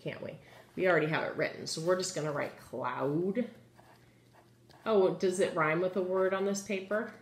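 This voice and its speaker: A woman's voice: mid-range voice, fairly bright tone. A woman teaching a children's phonics lesson, patient and encouraging, asking the class questions as she writes on the board. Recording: echoey room.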